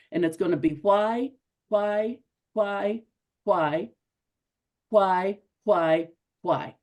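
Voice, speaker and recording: A woman's voice: on the low side, darkish tone. A middle-aged woman giving an earnest, conversational motivational talk to a group, often repeating herself for emphasis. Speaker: speaker at a women's club.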